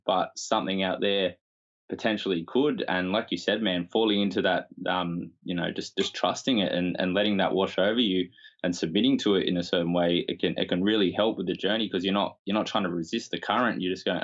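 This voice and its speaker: A man's voice: low-pitched, muffled recording. A man hosting a podcast, talking in a reflective, rambling way with filler words. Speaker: podcast host. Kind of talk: casual conversation.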